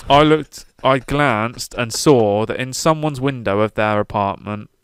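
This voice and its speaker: A young man co-hosting a casual podcast, telling jokes with a deadpan setup and swearing freely. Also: medium pitch, unhurried, clear, resonant tone, no echo. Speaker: podcast co-host. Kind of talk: casual banter.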